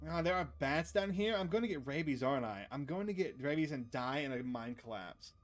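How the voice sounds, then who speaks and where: A man's voice: on the high side, lively intonation, a little fast, faint music behind. A man streaming a visual novel, reading the dialogue aloud and joking with his chat in a playful, casual way. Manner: playful, jokey asides to chat. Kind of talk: casual let's-play narration with character reading.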